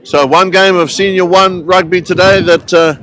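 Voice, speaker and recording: A man giving relaxed, chatty live commentary on a local rugby match, with friendly asides between the plays. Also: sits high, normal speed, poor audio. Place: outdoors at a rugby ground.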